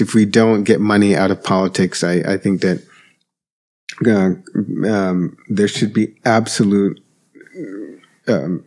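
Podcast host, deep voice, slow, halting delivery with lots of ums. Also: male voice, darkish tone. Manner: hesitant, lots of fillers and restarts. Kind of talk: casual political reflection.

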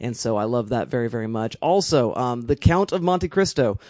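A man's voice: medium pitch, expressive, brisk, a little mellow, dry recording. Enthusiastic rambling man, dry sound. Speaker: podcast co-host. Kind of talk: casual chat.

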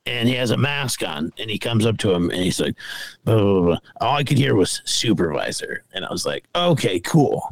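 A man spinning a story on a podcast, his voice lively and bouncing around in pitch. He swears freely and slips into the voices of the people he's quoting. The sound is dry and close. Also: fairly quick, vocal fry, no echo. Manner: animated, profane, acts out other people's lines. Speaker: podcast co-host. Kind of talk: casual storytelling chat.

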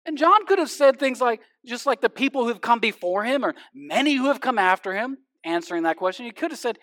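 A male pastor giving a sermon, swinging from loud emphasis down to hushed, intense passages. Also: extremely high pitch, lively intonation, a little fast, few pauses, dry recording, studio quality.

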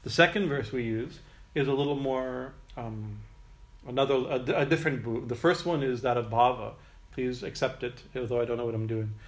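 A man's voice: mid-range voice, normal speed. Man musing over prayers with chuckles. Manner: rambling, full of restarts and "you know", chuckles often. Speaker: spiritual teacher. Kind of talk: informal talk explaining prayers.

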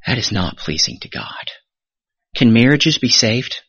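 A pastor delivering a sermon, his voice leaping high and loud on a point and then sinking to a low near-whisper. He brings the congregation's voices to life as he quotes them. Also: unhurried, breathy edge, no echo, dull audio. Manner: animated preaching with sudden rises and hushed drops.

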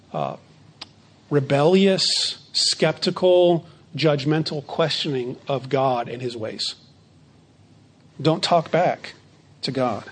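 Pastor, male, slightly higher voice, deliberate emphatic sermon delivery, restarts phrases. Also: slightly rough. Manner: slows down and stresses key phrases; repeats words when starting a phrase.

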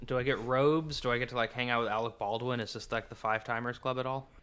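A podcast guest chatting casually and making deadpan, jokey quips. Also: medium pitch, quick pace, clear, resonant tone.

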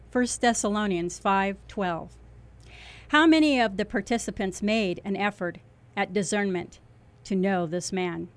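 A woman delivering a fervent religious warning as a self-styled watchman, declaiming with heavy emphasis and dropping low on key words. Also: a little slow. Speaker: self-described watchman preacher.

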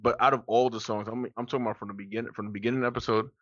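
A man co-hosting a podcast, trading animated, slangy jokes in casual chat. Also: medium pitch, racing, no echo, highs cut off. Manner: animated, joking, slangy banter. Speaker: podcast co-host.

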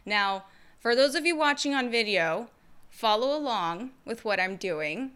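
Young woman therapist talking on her podcast, bright voice, a bit high, real candid and slangy. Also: expressive, measured pace, clear, resonant tone. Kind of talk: casual podcast monologue.

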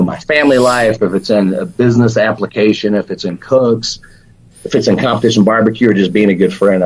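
Husky Alabama pitmaster, laid-back talker. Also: male voice, on the low side, poor audio. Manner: animated and laid-back, sprinkled with "man" and "dude". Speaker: competition barbecue pitmaster, guest. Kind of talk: casual podcast interview.

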